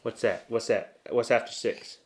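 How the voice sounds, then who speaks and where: A man hosting a family vlog as the father, talking gently and coaxing his toddler to count. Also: medium pitch, fairly even intonation, normal speed, crowd noise. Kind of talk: casual family vlog talk.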